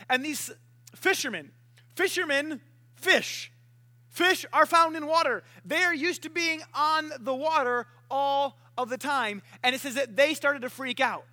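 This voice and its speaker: Man, preacher, chatty storytelling sermon, very high voice, sharp bright tone.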